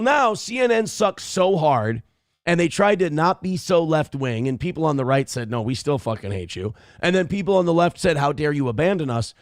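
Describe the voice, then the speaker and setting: A man's voice: fairly high pitch, dry recording, clean studio sound. A man hosting a morning show, giving blunt, profane political commentary in a ranting way. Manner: blunt, ranting, swears often.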